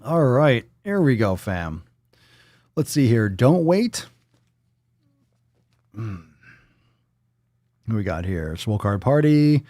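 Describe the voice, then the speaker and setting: A man's voice: mid-range voice, big pitch swings, slow, long pauses, warm tone, dry recording, clean studio sound. A man hosting a live stream, chatting casually in a rambling, joking, profane way. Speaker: host. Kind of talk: casual livestream chat.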